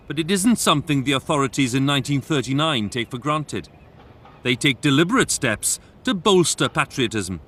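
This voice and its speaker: A man from Wales narrating a history documentary in a measured, earnest way. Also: mid-range voice, fairly bright tone. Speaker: documentary presenter. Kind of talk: scripted narration. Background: background music.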